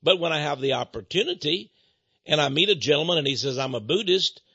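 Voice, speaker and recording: Older guy w a husky voice, lively up and down delivery, preachy radio talk, chuckles a lot, bit dull lo-fi sound. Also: a little high, fast talker, no echo. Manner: emphatic, swings between hushed asides and loud declarations, chuckles often. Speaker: radio show host.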